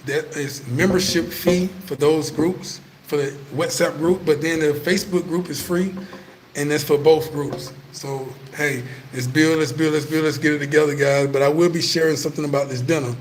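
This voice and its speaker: Male vlogger, slightly high voice, casual profane storytelling, light background hiss. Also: fairly even intonation, moderate pace, poor audio. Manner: profane, laid-back street talk.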